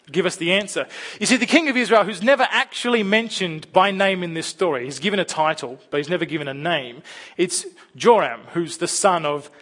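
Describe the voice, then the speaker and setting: A man in his thirties preaching a conversational sermon, telling stories and breaking into loud dramatic bursts. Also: sits high. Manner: chatty, storytelling, with sudden loud dramatic bursts.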